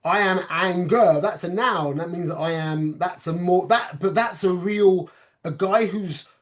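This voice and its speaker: A religious teacher with a fairly high voice leads a relaxed, informal class, talking to listeners as though chatting. He keeps checking they follow with "yeah?" and drops Hebrew and Yiddish words into his English, all at an unhurried pace.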